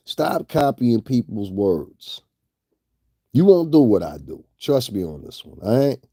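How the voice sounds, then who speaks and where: A man's voice: medium pitch, sing-song, measured pace, dark tone, breathy edge, no echo, studio quality. A man, talking casually and directly to a rival online, laid-back and laughing often. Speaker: YouTube commentator. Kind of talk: casual direct-address commentary.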